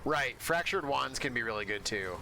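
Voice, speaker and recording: A man talking casually as he plays, wandering from point to point with lots of "like" and "um". His pitch sits in the middle of the range for men. Steady noise runs behind his voice. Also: moderate pace, creaky. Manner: rambling, many fillers and restarts. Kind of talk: casual chat while gaming.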